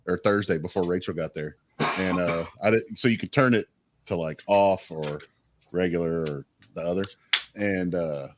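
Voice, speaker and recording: A man's voice: sits low, normal speed, background noise. A man in a casual podcast chat, telling rambling stories and swearing casually.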